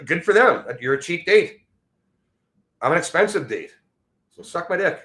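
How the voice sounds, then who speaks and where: A man's voice: a little high, very animated, moderate pace, bright, forceful tone. Mumbling, foul-mouthed middle-aged man. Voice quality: mumbling, slurred diction. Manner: crude, swearing, combative toward chat. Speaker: livestream host. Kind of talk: profane casual rant.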